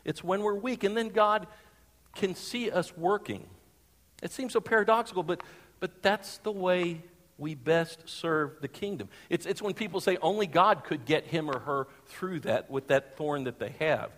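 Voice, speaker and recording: Animated pastor in a reverberant sanctuary. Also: male voice, sits high, moderate pace. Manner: animated, rhetorical questions to the congregation. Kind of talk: sermon. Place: church sanctuary. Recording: long hall reverb.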